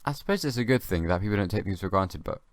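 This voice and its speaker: A young man hosting his own comedy podcast, rambling in a halting, dry way with many restarts. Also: low voice, animated, no echo. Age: young adult. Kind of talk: rambling comic monologue.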